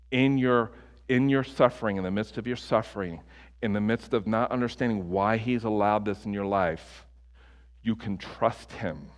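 Impassioned male pastor in a reverberant hall. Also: on the low side. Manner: impassioned, rising to near-shouting peaks, many restarts. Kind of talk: sermon.

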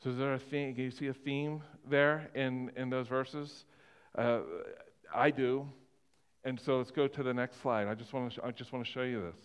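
A man's voice: medium pitch, steady tone, moderate pace, clear, resonant tone, long reverb tail. A man preaching a sermon as pastor, earnest and often repeating himself as he restarts his sentences.

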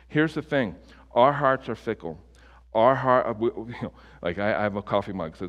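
A man's voice: on the low side, a little fast, muffled recording. A man preaching a sermon as a pastor, impassioned, with many restarts and surges of intensity. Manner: impassioned, rising to near-shouting peaks, many restarts. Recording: long hall reverb.

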